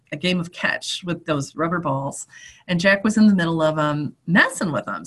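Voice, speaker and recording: A middle-aged woman, a religious sister and teacher, giving a reflective spiritual talk and telling a story in an unhurried, conversational way with fillers and restarts. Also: fairly low pitch, a bit bright.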